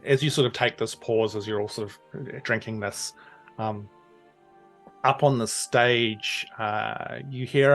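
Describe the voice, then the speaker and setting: A man's voice: on the low side, steady tone, slow, a bit bright, faint music behind. A man working as game master, narrating a tabletop game scene in a loose, descriptive way with many ums and uhs.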